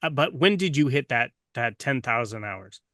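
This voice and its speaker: A man's voice: medium pitch, lively intonation, moderate pace, bright, forceful tone, dry recording, studio quality. A man hosting a podcast who praises his guest at length and rambles through his questions with restarts. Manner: admiring, rambling, with many restarts. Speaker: podcast host, program leader. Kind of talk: interview questions.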